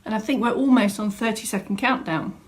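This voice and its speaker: At the start of her live online exercise class, a woman instructor chats and calls out viewers by name from a home room set up as a studio. Her voice is fairly high and her delivery fairly quick.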